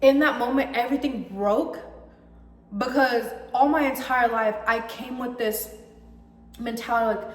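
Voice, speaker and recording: A woman's voice: fairly high pitch, a little slow. A young woman ranting heatedly about a breakup, emphatic and swearing freely. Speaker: vlogger. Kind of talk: personal storytime rant. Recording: echoey room with long reverb.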